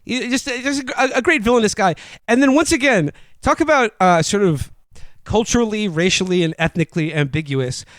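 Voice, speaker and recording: High, animated man recapping a film. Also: moderate pace, no room sound. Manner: wry, incredulous storytelling. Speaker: podcast co-host. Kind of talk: casual comedic film review.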